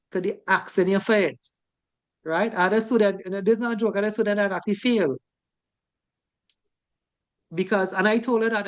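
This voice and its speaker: A woman's voice: on the low side, a little mellow. A woman from the Caribbean with a Caribbean English accent, teaching a safety course in a chatty classroom lecture style and ending many sentences with "right?".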